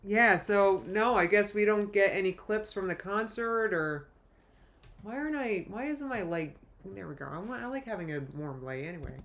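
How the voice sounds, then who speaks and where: A woman hosting a live reaction stream in a casual, rambling chat with quick asides. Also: mid-range voice, expressive, fairly bright tone.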